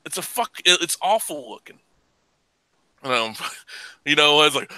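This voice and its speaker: A man with a very bright, sharp voice pitched a little high, ranting and swearing freely as he hosts a casual podcast. The sound is close and dry, with almost no room around it. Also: animated, moderate pace, long pauses, no echo, rough recording. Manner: ranting, profane, laughs loudly. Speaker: podcast host. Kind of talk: casual profane chat.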